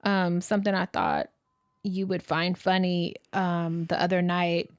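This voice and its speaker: A woman's voice: fairly low pitch, expressive, a little slow, clear, resonant tone. A woman in her thirties co-hosting a podcast, telling stories in casual chat, swearing freely and laughing often. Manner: profane, laughing storyteller. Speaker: podcast co-host.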